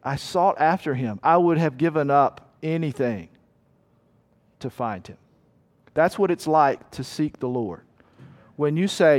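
A man preaching a sermon as pastor, animated, acting out voices and cries and repeating lines for effect. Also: a little high, unhurried, long pauses. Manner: animated, acts out voices and cries, rhetorical repetition.

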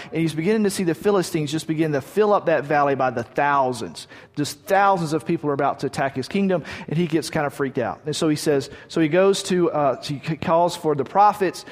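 A man delivers a sermon, reading scripture aloud and retelling it in plain, conversational words. His voice sits a little high for a man. It rings out in a hall with a long reverb tail. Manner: conversational, retells stories with restarts. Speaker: preacher.

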